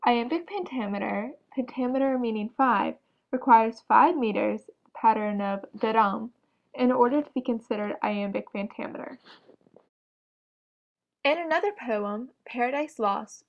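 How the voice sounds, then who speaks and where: A woman reading a prepared script, presenting an educational narration in an even, explanatory way. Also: a little high, lo-fi sound.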